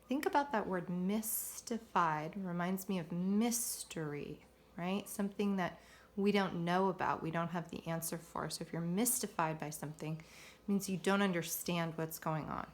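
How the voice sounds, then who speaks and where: A woman's voice: fairly low pitch, unhurried. Patient woman explaining new words. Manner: explains vocabulary, patient and encouraging. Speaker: teacher. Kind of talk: reading a picture book aloud to students. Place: home.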